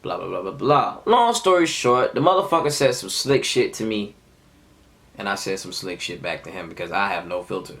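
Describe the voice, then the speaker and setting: A man's voice: fairly low pitch, moderate pace, vocal fry. A man in his twenties telling a heated, profane story of a fight at work in a casual vlog. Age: 20s. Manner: animated, profane, heated retelling. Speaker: vlogger.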